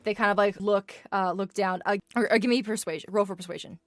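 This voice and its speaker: A woman's voice: medium pitch, steady tone, quick pace, no echo, studio quality. A woman running a tabletop game as game master, narrating with many hesitations and restarts. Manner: hesitant, full of fillers and restarts.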